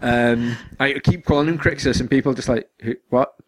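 Young man, podcast co-host, casual chat, excitable, rambling, trips over his words. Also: mid-range voice, fairly quick, a little hiss or hum, low-quality recording. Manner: excitable, rambling with many restarts and fillers.

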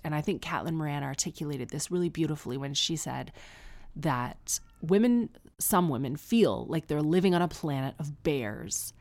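A woman's voice: low-pitched, lively intonation, normal speed, darkish tone. A woman hosting an advice podcast, answering a listener with frank, conversational personal stories. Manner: frank, conversational, with frequent restarts and emphatic asides. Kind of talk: casual, candid personal storytelling.

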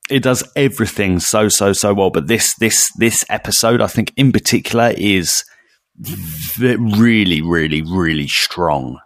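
A man's voice: on the low side, unhurried, no echo, studio quality. A man co-hosting a casual podcast chat, emphatic and prone to repeating words for stress. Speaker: podcast co-host.

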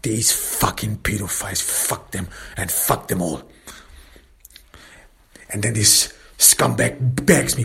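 A male storyteller recounts a grim tale in the first person with barely contained rage. His voice is low, gravelly and very husky, and he takes his time. He often drops into a tense whisper. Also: takes it slowly, long pauses, fairly bright tone. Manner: intense, angry, breaks into whispers.

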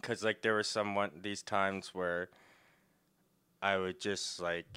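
A man chatting casually and laughing often, retelling a story with loud acted-out yells. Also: deep voice, level tone, slow pace, clear, resonant tone. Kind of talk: casual chat.

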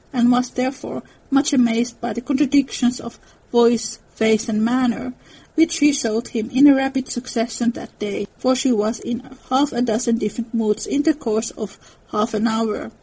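A woman giving an expressive dramatic reading of a classic novel, narrating and voicing the characters. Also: fairly high pitch, moderate pace, husky, rough recording. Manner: expressive storytelling.

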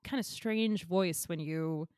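A woman co-hosting a casual comedic podcast, gently teasing and supportive, reading a recipe out crisply. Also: lowish voice, slow pace, no echo, clean studio sound. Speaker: co-host.

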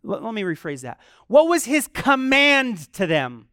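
A preacher delivering a sermon in a lively way, firing rhetorical questions at the congregation. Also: mid-range voice, measured pace, hardly any pauses, no room sound, clean studio sound. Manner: acts out quoted complaints in a softer voice.

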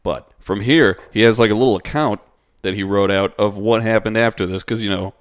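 A man with a lowish voice reads a document aloud for a podcast. He stumbles over words, adds fillers and pauses for dry asides to his co-host. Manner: reads aloud haltingly with fillers, breaks off for wry comments. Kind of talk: casual podcast reading with asides.

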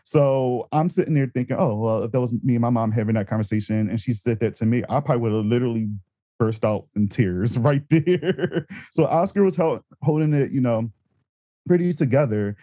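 Male podcast co-host, warm mellow tone, dry close sound, relaxed with restarts. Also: medium pitch, brisk, no echo. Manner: easygoing, stammering restarts, chuckles. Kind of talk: casual film discussion.

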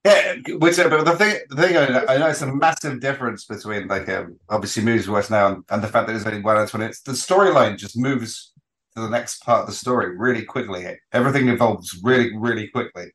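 A man's voice: fairly low pitch, quick pace, fairly bright tone, low-quality recording. Rambling, wry man on a film podcast. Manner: rambling, many restarts and asides, wry jokes. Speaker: podcast co-host. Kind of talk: casual film-review chat. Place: remote recording, apart from co-host.

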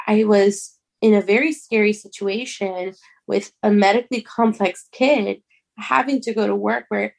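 Young woman, earnest and halting, plain middle voice, heartfelt storytelling. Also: medium pitch, creaky. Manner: halting, restarts words, earnest. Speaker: guest. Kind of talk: emotional personal storytelling.

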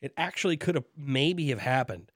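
Man, casual podcast chat, jokey and animated, dry close sound. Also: medium pitch, normal speed, no room sound. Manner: animated, jokey, acts out lines from the show. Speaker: podcast co-host.

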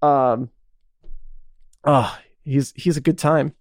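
A man's voice: medium pitch, fairly even intonation, slow, darkish tone, dry recording, studio quality. Rambling, enthusiastic man co-hosting a chat. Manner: rambling, enthusiastic, swears casually. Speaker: podcast co-host. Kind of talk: casual chat.

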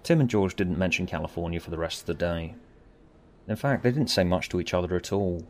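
A man reading his own story aloud, expressive, moving between bright and hushed. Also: low voice, fairly quick, a little hiss or hum. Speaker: author and narrator. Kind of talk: storybook narration.

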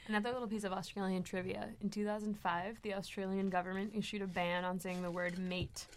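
A woman's voice: mid-range voice, flat delivery, quick pace. A woman co-hosting a podcast, teasing and laughing in casual chat. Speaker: podcast co-host.

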